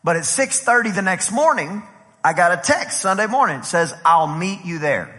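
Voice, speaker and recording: A male pastor preaching at a conference, telling a lively story and acting out the dialogue. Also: high voice, normal speed. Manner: animated, acts out dialogue with voices and laughs. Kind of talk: storytelling sermon. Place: large conference hall. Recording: long hall reverb.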